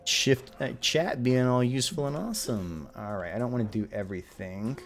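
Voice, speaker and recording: A man's voice: medium pitch, moderate pace. A man giving casual, rambling commentary while streaming a video game, joking with his chat. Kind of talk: live gameplay commentary.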